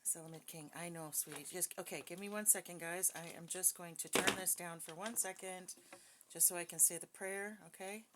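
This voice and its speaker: A woman's voice: on the low side, steady tone, normal speed, heavy background noise. A woman giving a casual psychic reading from home. She sounds chatty and hesitant, with many fillers and frequent small laughs. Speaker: psychic reader. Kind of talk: casual spoken reading with a recited prayer. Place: home with dogs nearby.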